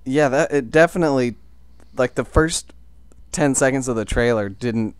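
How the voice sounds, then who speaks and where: A man's voice: medium pitch, normal speed, clean tone, no room sound. A man co-hosting a movie podcast, rambling and hesitant in casual chat. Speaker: podcast co-host.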